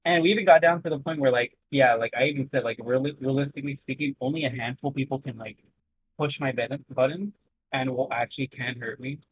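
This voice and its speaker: A man's voice: medium pitch, fast talker, slight background noise. A man talking loosely with mumbled diction and frequent swearing in a casual stream chat. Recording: tinny phone-like voice call.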